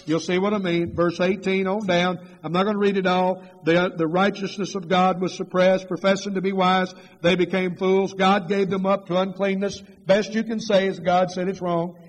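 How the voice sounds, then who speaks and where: A high-pitched middle-aged man delivers an emphatic sermon, firing rhetorical questions at his congregation. His voice climbs when he presses a point. Long reverb from a big church hall trails every phrase. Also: flat delivery, moderate pace, hardly any pauses. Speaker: preacher.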